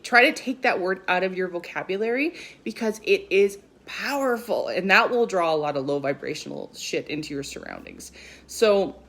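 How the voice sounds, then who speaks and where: A woman in her thirties talks to her viewers as a spiritual coach. She is earnest and emphatic and drops casual swear words. Her voice sits at an ordinary middle pitch. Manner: animated when quoting her kids. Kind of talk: livestream talk.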